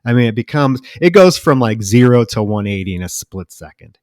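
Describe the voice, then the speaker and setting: A man's voice: mid-range voice, expressive, fairly quick, a little mellow, dry recording, clean studio sound. A man co-hosting a film podcast, recounting scenes casually and swearing now and then. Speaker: podcast co-host.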